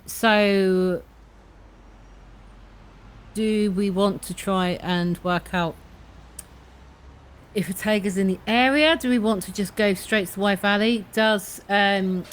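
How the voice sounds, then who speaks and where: Woman, tabletop player, hesitant, lots of fillers, unhurried delivery. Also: medium pitch. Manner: hesitant, many fillers, narrates her character's actions. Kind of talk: tabletop game play.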